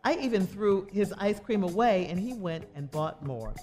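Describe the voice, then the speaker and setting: Woman radio co-host, reading listener letter, animated voice, faint music underneath. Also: mid-range voice, normal speed. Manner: laughs easily, animated.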